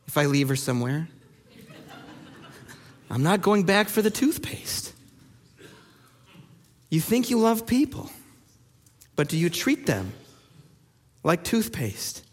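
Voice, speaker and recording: A man who pastors a church, preaching a sermon and telling stories with lively acted-out quotes. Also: high voice, takes it slowly, long pauses, in a large hall. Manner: animated storyteller acting out quoted people. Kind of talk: sermon storytelling.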